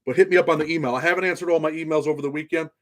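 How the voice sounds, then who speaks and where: A man's voice: on the high side, steady tone, racing. A middle-aged man hosting a casual livestream, talking loosely, saying "man" constantly and reading viewer comments aloud. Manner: loose, repeats "man" often, reads chat aloud. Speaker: livestream host.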